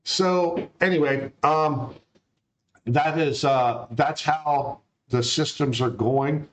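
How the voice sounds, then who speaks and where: A man's voice: a little high, slow, rough recording. Laid-back rambling male stream host. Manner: relaxed, rambling, lots of fillers. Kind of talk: casual live-stream chat.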